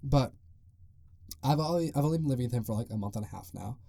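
A man's voice: medium pitch, expressive, fast, creaky, dark tone, breathy edge, no room sound. A young man hosting a casual solo podcast, rambling with lots of "like" and frequent chuckles. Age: young adult. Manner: rambling, peppered with "like", chuckles often. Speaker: podcast host.

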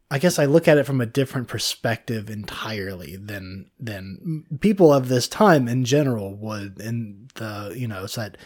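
A man hosting a casual podcast in a studio, rambling through halting restarts, swearing freely and laughing often. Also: fairly low pitch, darkish tone. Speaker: podcast co-host. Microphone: studio microphone.

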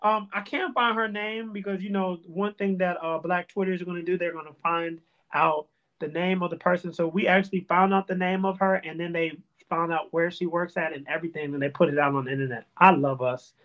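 A man hosting a podcast in a loose, animated way, joking and riffing on the news. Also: sits high, fairly quick. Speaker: podcast host. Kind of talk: casual podcast chat. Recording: dull lo-fi sound.

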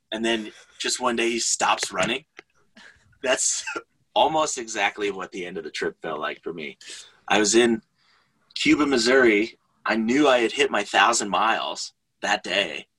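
A man chatting as a guest, telling a story in an animated way and laughing often. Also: lowish voice, breathy edge, rough recording. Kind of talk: casual storytelling in conversation.

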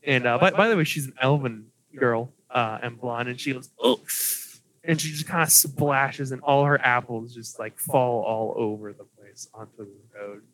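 Young male game master, halting and nervous, faint noise behind. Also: mid-range voice, fairly bright tone, poor audio. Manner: nervous, hesitant, many fillers. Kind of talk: narrating a tabletop game.

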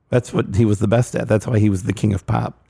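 A man's voice: on the low side, gravelly, dark tone, husky. A man hosting a casual podcast chat about a retro video game, joking and teasing his co-host. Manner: joking, teasing, sets up punchlines.

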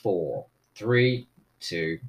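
Lively, laughing man hosting a podcast. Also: low-pitched. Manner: playful, quick to laugh, teasing. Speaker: podcast host. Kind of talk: casual commentary chat.

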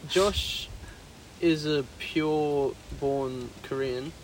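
A man's voice: on the high side, steady tone, extremely slow, over a noisy crowd, low-quality recording. A man co-hosting a podcast in casual chat, musing aloud and restarting his sentences as he thinks. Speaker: podcast co-host. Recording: loud hiss and outdoor noise.

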